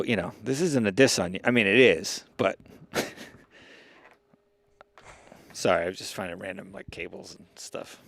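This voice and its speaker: A man's voice: fairly low pitch, creaky, a bit bright, dry recording. A man co-hosting a casual comedy podcast, rambling and joking, laughing often as he talks. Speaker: podcast co-host.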